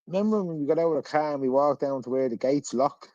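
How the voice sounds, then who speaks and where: Lad talking quick and joking around, muffled dry recording. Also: male voice, on the high side, darkish tone, no room sound. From Ireland. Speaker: podcast co-host. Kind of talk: casual chat. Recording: dull, dry sound.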